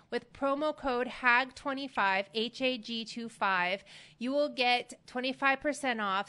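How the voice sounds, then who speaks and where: A woman's voice: on the high side, bright, forceful tone. Chatty upbeat woman podcast host. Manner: chatty and upbeat, with self-deprecating asides. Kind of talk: casual advice podcast.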